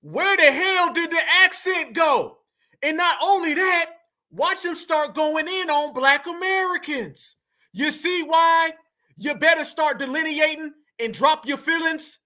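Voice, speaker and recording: A man hosts reaction commentary in a very high, piercingly bright voice. He talks in an animated, slangy way and calls his viewers family. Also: unhurried. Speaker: commentary host.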